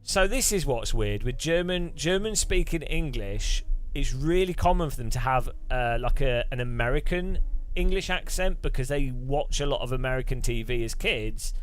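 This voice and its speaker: A man's voice: medium pitch, expressive, normal speed, few pauses, soft background music. A man chatting casually on a live stream, rambling and chuckling as he thanks viewers between thoughts.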